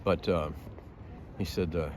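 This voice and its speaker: A man's voice: low-pitched, steady tone, a little slow, a little mellow, slight background noise. A man who drives hikers, telling a story in a casual, folksy way.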